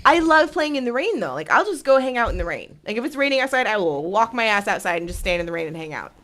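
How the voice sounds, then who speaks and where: A woman chatting on a podcast, telling stories in an expressive, giggly way. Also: on the high side, quick pace. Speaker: co-host. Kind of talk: casual podcast chat.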